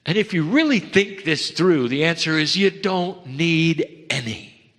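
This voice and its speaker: A man giving a slow, earnest channeled spiritual talk, pausing between phrases, recorded in a lecture hall. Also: on the high side, expressive, a bit bright.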